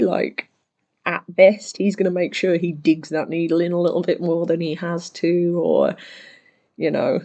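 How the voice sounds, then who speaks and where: A host reading Reddit posts aloud and reacting with sarcastic, animated commentary, laughing often and dropping to whispers for asides. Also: medium pitch, creaky.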